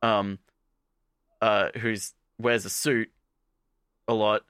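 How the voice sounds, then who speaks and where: A man's voice: lowish voice, level tone, very slow, a bit bright, clean tone, no echo, studio quality. A man co-hosting a podcast, recapping an anime in a casual, comedic way and acting out the characters in jokey voices. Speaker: podcast co-host.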